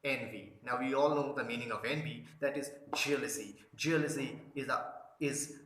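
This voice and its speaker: A man's voice: medium pitch, moderate pace, a bit bright. A man teaching literature, explaining a play line by line, paraphrasing each line and often restarting his sentences. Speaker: literature lecturer. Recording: echoey room.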